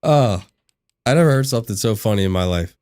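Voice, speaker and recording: A man hosts a live game stream and chats loosely with his viewers while he plays. His voice sits low, and he laughs easily and often. He replies to the chat as he goes. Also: animated, brisk, a little mellow. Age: adult. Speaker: livestream gaming host. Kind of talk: casual chat while gaming.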